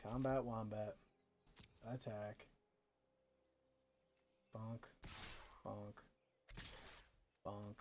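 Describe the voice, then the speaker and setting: A man's voice: lowish voice, fairly even intonation, drawn-out words, long pauses, a little mellow, slight background noise. A man live-streaming a card game, casually thinking aloud with playful jokey asides. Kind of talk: casual gameplay commentary.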